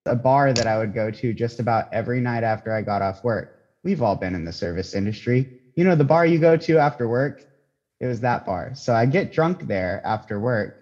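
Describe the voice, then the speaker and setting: A man telling a relaxed anecdote in casual chat. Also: mid-range voice, brisk. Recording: slightly dull lo-fi audio.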